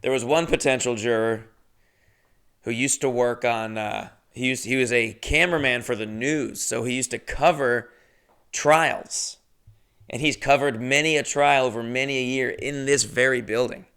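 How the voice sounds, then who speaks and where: A man tells a story in a casual, rambling way, swearing often and joking along. His voice is gravelly yet resonant and smooth. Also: mid-range voice, fairly even intonation, normal speed, a bit bright. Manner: profane, rambling and jokey. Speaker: podcast host telling a story.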